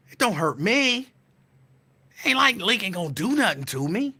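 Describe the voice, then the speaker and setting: Lively, bright-toned man ranting on his podcast. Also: high-pitched, moderate pace, husky. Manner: animated, teasing, profane, repetitive. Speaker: podcast host. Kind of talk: casual call-out rant.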